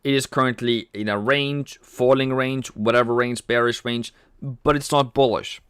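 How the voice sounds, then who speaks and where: A man's voice: medium pitch, fairly even intonation, moderate pace, a bit bright, smooth, no echo, studio quality. A man hosting a casual trading livestream, chatty, reading viewer comments aloud and cracking jokes. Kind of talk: casual live-stream chat.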